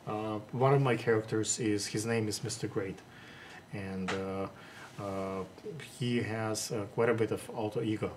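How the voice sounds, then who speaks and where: A man's voice: fairly low pitch, steady tone. Hesitant man with a faint ambient hiss. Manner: halting, full of hesitations and restarts. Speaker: interviewer host. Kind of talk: casual interview chat.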